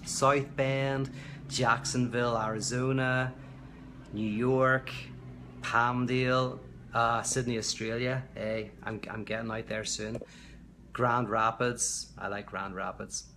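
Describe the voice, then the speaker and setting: A man's voice: mid-range voice, flat delivery, slow, bright, forceful tone. Guy rambling on a home livestream, medium voice, faint hiss in the background. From Belfast, Northern Ireland. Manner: rambling and chatty, reading out viewer comments. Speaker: livestream host. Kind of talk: casual livestream chat. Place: at home, indoors.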